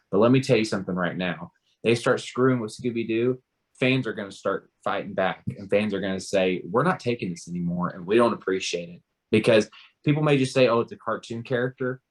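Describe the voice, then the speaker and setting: A man, talking passionately and emphatically in a casual panel discussion, often restarting his sentences. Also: fairly low pitch. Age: 20s. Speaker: panel co-host.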